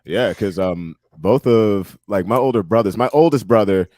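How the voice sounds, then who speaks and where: A young man with a deep voice, chatting as a podcast guest and telling stories with lots of laughter. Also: moderate pace, no room sound. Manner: laughs often, animated storytelling. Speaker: podcast guest, musician and MMA analyst. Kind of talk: casual chat.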